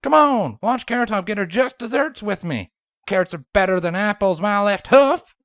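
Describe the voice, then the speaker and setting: A woman's voice: mid-range voice, lively intonation, moderate pace, no room sound, studio quality, voice pushed up, lightly acted. A woman voicing a smug, cheerful female farm pony in a storybook reading, teasing and smirking. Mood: gleeful.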